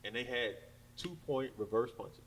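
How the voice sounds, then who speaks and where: A man telling a story in casual chat. He talks in an animated way, laughs a lot and breaks into loud acted shouts. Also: mid-range voice, moderate pace. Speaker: podcast co-host. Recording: distant mic with background noise.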